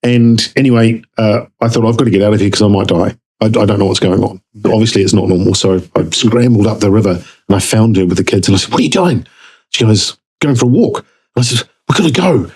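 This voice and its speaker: A man with a New Zealand accent, a podcast guest telling a story casually and animatedly, jumping up in pitch to act out dialogue. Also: steady tone, quick pace, hardly any pauses, a little mellow, slightly rough, low-quality recording.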